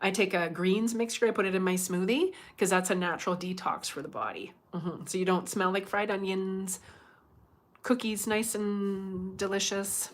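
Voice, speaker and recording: A woman's voice: fairly low pitch, brisk, few pauses. A middle-aged woman from Canada chatting on her own livestream as a medium. She chats freely, acts out what other people said and laughs often. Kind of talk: casual livestream chat.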